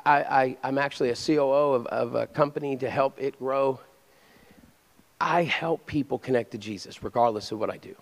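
A man, a pastor, preaching a sermon with energetic exhortation that drops into quiet conversational asides. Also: mid-range voice. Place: church hall. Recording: long hall reverb.

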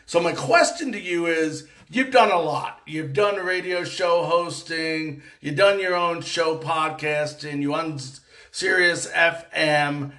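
Male sports show host, slightly high voice, unhurried and earnest. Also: a bit bright. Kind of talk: interview.

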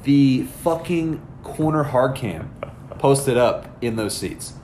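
Profane, animated storytelling man. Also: medium pitch, slow pace, a little hiss or hum. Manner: profane, animated storyteller acting out quoted dialogue. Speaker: podcast host. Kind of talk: casual storytelling.

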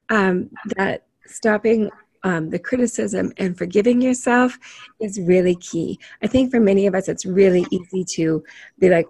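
Husky woman leading a self-help panel. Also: medium pitch, a little mellow. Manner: encouraging, asks the group questions. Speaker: group facilitator.

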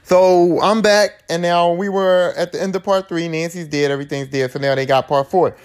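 A man's voice: a little high, steady tone, moderate pace, smooth. Slangy, profane man recapping movies. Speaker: podcast host.

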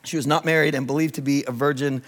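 A man's voice: a little high, fairly even intonation, fast, a bit bright. A man in his thirties, a pastor giving a humorous storytelling sermon, chatty and joking as he asks the congregation to raise their hands. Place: church sanctuary with congregation.

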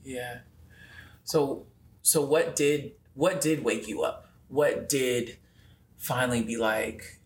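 Male interview host, average pitch, supportive; roomy recording. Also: steady tone, slow. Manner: supportive, frequent brief affirmations. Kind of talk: casual interview. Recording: roomy echo.

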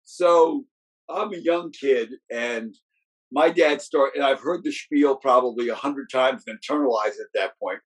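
Sounding like a football coach looking back, a middle-aged man tells stories casually in a husky, slightly breathy voice of medium pitch and at a measured pace. His talk wanders, full of restarts and "you know" fillers. The recording is rough.

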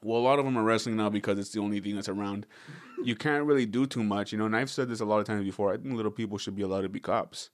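A man's voice: on the low side, racing, no echo, clean studio sound. Rambling, joking young man host. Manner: rambling, swears, jokey. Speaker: podcast host. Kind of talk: casual comedic podcast chat.

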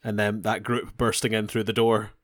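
A man's voice: lowish voice, little pitch movement, moderate pace, dry recording, clean studio sound. A man co-hosting a casual anime recap podcast, laughing often and chiming in with short agreements. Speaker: podcast co-host.

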